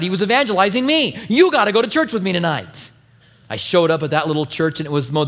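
A male pastor preaching a sermon, telling a personal story with lively, acted-out quotes. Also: sits high, big-room sound. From New Mexico.

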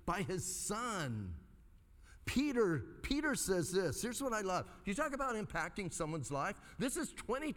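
Man, pastor preaching, high voice, very lively intonation, conversational and animated. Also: long reverb tail. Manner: animated, conversational preaching with dramatic pitch swings. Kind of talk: sermon.

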